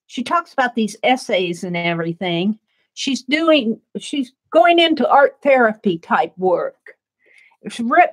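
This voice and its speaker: A middle-aged woman from the American Midwest talks through her art stream in a high voice. She rambles slowly and easily while she works. She laughs often between thoughts. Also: fairly bright tone. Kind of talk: casual crafting livestream chat.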